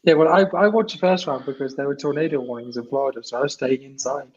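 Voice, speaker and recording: A man's voice: mid-range voice, fast, darkish tone, breathy edge. A man co-hosting a podcast, chatting in a loose, rambling way with frequent restarts. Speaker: podcast co-host. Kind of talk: casual chat. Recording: dull lo-fi remote mic.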